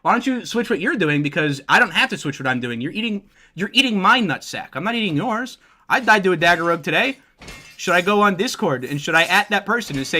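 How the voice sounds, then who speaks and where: High, bright-voiced brash male streamer. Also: very animated, a little fast. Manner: brash, swearing, trash-talking. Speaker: game streamer. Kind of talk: casual livestream talk to chat.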